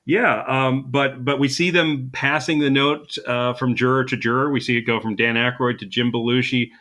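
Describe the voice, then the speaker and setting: Male podcast co-host, bright clear tone, chatty recap style full of ums and uhs. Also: mid-range voice, fairly even intonation, moderate pace. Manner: chatty, recapping with frequent fillers and laughs. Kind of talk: casual chat.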